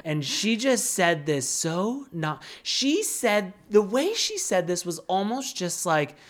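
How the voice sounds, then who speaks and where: A woman co-hosting a casual recap podcast, animated and swearing freely as she acts out the people she talks about. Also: medium pitch, slow. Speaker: podcast co-host. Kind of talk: casual reality-TV recap chat.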